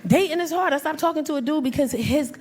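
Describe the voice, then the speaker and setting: A woman in her forties performing stand-up comedy, telling brash, profane stories loudly and acting out other people's voices. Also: high voice, quick pace. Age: 40s. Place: comedy club stage. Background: audience laughter.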